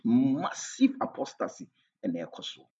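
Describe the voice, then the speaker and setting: A man's voice: medium pitch, huge pitch swings, measured pace, dark tone, breathy edge. A man with a Ghanaian accent preaching a sermon as pastor, emphatic, switching between English and Twi with his volume rising and falling. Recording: dull lo-fi recording.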